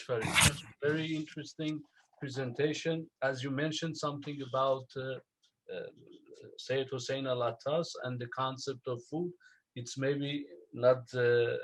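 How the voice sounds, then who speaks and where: A man moderating an academic roundtable over a video call, speaking haltingly with many pauses to search for words. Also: medium pitch, low-quality recording. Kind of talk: unscripted academic discussion.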